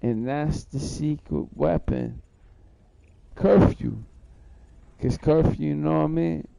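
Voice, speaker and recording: A man's voice: a little high, huge pitch swings, takes it slowly, gravelly, mellow, dry recording. A man rambling through a profane, boastful story in a live-stream monologue, repeating himself as he goes.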